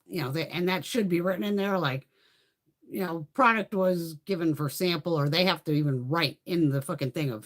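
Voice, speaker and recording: A woman's voice: on the low side, normal speed. A woman hosting a casual makeup livestream, telling stories bluntly with plenty of swearing and reading out viewer comments. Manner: profane, blunt storytelling, reads viewer comments. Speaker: livestream host.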